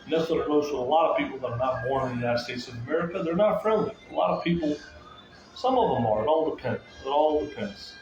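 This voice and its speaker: A man's voice: medium pitch, fast talker, noisy background. A man talking casually to viewers in a rambling, repetitive rant, circling back to the same phrases. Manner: agitated, ranting. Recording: echoey, muffled, with loud room ambience.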